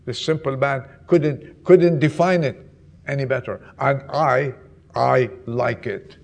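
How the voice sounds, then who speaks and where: A man preaching a sermon, swinging between loud questions to the congregation and hushed, almost whispered lines. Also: mid-range voice, slow pace, vocal fry.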